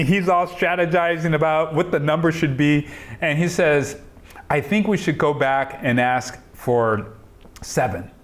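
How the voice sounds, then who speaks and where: A middle-aged man telling stories in an oral history interview over a video call, acting out the dialogue and laughing often. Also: a little high. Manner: animated storyteller, acts out quoted dialogue, laughs often. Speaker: interviewee, software entrepreneur.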